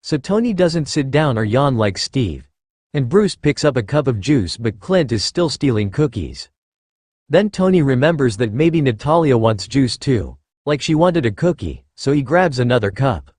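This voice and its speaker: A man reads a story aloud with a gentle, childlike cadence. His pitch moves in a lively, expressive way. The recording is dry and close, with no room echo. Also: moderate pace. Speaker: narrator. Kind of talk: reading fan fiction aloud.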